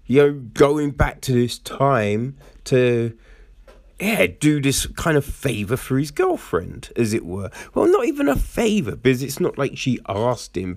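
Slow, gravelly man chatting about a book. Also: mid-range voice, no echo, studio quality. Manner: animated, acts out characters in quick quoted voices; rambling with frequent "right?" and "you know". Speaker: book reviewer. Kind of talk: casual book review chat.

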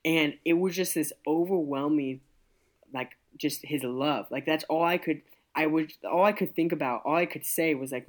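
Earnest young man telling a faith story. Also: fairly high pitch. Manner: halting, restarts and fillers, earnest storytelling. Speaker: youth pastor, interview guest. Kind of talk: casual testimony interview.

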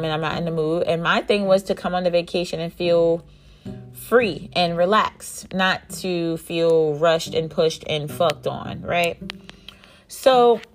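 A young woman hosting a podcast, telling a personal story in a blunt, profane, lively way. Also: on the low side. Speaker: podcast host. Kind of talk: candid storytelling chat.

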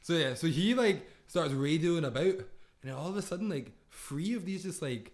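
A man's voice: a little high, lively intonation, normal speed. A young man, a podcast co-host, telling a rambling story in casual chat, full of fillers and laughter.

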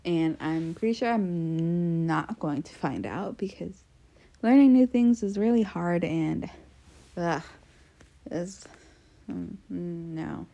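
A young American woman's fairly low, gravelly, warm voice moves slowly but with lively intonation. She hosts a casual podcast on her own, chatting and joking at her own expense amid fillers and restarts.

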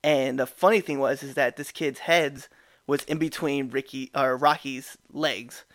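A man hosting a podcast, telling a story in a casual, animated way with frequent laughs and restarts. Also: mid-range voice, measured pace, dry recording, clean studio sound. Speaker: podcast host.

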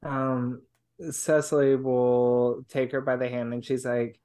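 Very low-voiced woman player. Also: flat delivery, slow, dark tone. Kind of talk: tabletop game play.

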